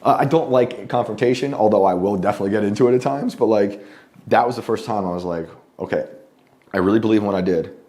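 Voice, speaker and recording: A guest journalist tells a story in casual conversation around a home lunch table, rambling with lots of fillers and frequently clearing his throat. He's a fast talker with a fairly low, dark-toned voice.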